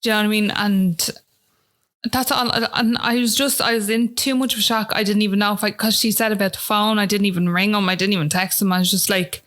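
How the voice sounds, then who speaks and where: An Irish woman speaking as a podcast guest, at an ordinary middle pitch for a woman. She talks in a loose, chatty way and acts out past conversations. She keeps checking in with "do you know what I mean". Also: steady tone, fast talker, fairly bright tone. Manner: chatty, retells scenes with "I was like", often asks "do you know what I mean". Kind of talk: personal storytelling in conversation.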